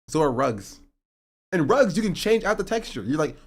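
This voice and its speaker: A young man streaming live, chatting casually and joking sarcastically, and he sometimes rises into an animated rant. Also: fairly high pitch, normal speed, husky. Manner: joking and sarcastic, reading chat aloud; rising to animated ranting. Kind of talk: casual livestream chat.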